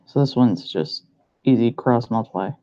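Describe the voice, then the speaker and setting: A man's voice: mid-range voice, warm tone. Young man muttering through math problems. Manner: muttering to himself, unhurried, self-doubting. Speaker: pharmacy student. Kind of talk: thinking aloud while working practice problems. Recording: muffled lo-fi recording.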